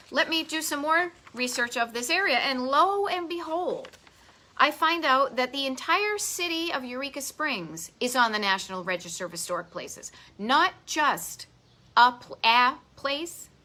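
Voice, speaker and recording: A woman with a Boston accent hosts a live online show about vintage travel spots from her home garage office. Her fairly high voice sounds pushed and bright as she chats casually and enthusiastically, tossing in self-deprecating asides.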